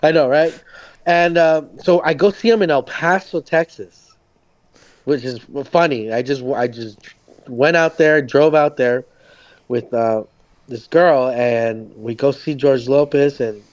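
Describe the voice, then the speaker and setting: A man from Socorro in the American Southwest appears as a podcast guest, casually rambling through a story while leaning on "like," swearing freely, and acting out quotes. His medium-pitched voice is unhurried, and the audio sounds dull.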